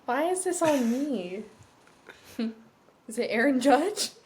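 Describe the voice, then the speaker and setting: A woman's voice: sits high, animated, takes it slowly, darkish tone, slightly rough. A woman co-hosting a casual sports podcast, giggly and self-deprecating about not knowing the answers. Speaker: podcast co-host.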